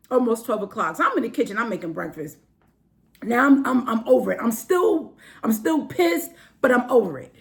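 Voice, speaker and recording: Host telling a story: woman from New Jersey, high voice, very animated delivery with big swings, casual slang. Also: vocal fry. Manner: animated, acts out every voice in the story, exclaiming; casual slang, addresses listeners as y'all. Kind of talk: storytelling monologue.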